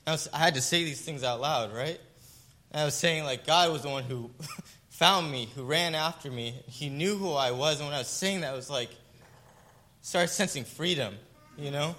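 A man shares an earnest, emotional testimony in a bright, forward voice. His pitch sits a little high for a man. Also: moderate pace. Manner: emotional, earnest, tag questions. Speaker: guest giving testimony. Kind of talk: personal testimony.

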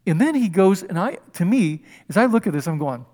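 Animated, chatty male preacher. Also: high voice, a little fast, long reverb tail. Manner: animated, chatty, full of asides and humor. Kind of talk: conversational Bible sermon.

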